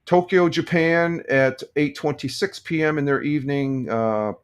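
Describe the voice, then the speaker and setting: An older man hosting a casual morning live stream, talking in a rambling, halting way with many restarts and chuckles. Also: a little high, clean tone.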